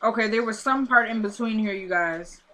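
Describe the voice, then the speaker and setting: Chatty woman with a bright voice. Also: a little high, normal speed, rough recording. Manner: rambling, lots of "like" and "you know". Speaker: TV episode recapper. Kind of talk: casual chatty recap.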